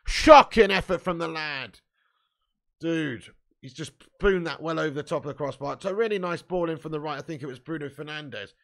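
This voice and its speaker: A man hosting a live fan watch-along, commentating excitably, swearing freely and shouting at chances. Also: fairly high pitch, fast talker.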